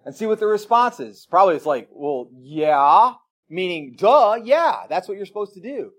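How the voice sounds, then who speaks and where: A man with a notably high-pitched voice preaches a sermon. His delivery is relaxed and chatty, with frequent tag questions and homely kitchen examples. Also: normal speed. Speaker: pastor.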